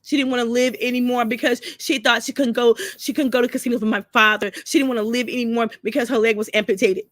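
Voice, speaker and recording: Woman, crying, emotional rant, repetitive, bright tone, dry close sound. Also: a little high, steady tone, fast, few pauses, dry recording. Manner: tearful, repeating herself, profane. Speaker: vlogger. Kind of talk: emotional personal rant to camera.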